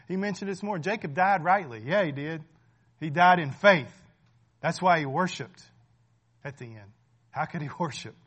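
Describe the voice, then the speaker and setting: A man's voice: a little high, a bit bright, slightly rough. A man preaching a sermon as pastor, emphatic and conversational, often checking in with his listeners. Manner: emphatic, keeps asking "right?", laughs between points.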